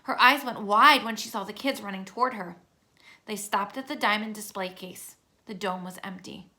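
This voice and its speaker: Bright-voiced woman reading a storybook. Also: mid-range voice, normal speed. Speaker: narrator. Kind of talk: reading a children's chapter book aloud.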